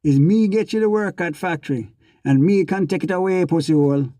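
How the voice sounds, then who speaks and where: A man's voice: sits high, brisk, mellow, dry recording, close to an everyday voice. A man reading aloud and voicing a menacing gang enforcer, taunting and threatening.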